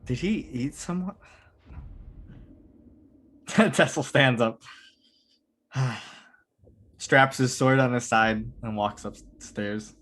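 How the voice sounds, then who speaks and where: Slow-talking male tabletop player. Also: mid-range voice, fairly bright tone.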